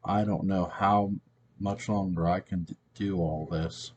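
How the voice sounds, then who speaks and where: A man's voice: deep voice, fairly even intonation, a little slow, dull audio, slight background noise. A man voicing a nervous male fraud medium who pleads and defends himself. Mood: pleading.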